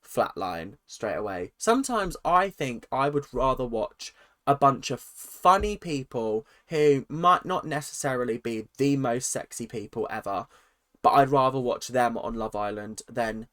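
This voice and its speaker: A young man in his twenties rants casually to the camera in a chatty, opinionated way. He keeps his pitch in an ordinary middle range, breaking off into quick asides and self-corrections. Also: expressive, a bit bright. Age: 20s. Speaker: vlogger. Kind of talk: casual rant vlog.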